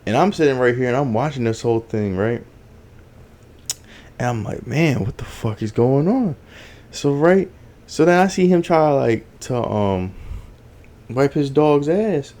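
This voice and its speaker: A man hosting a podcast, telling a story in an animated, profane way with lots of fillers. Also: medium pitch, a little slow, pauses often. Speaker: podcast host. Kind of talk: casual storytelling.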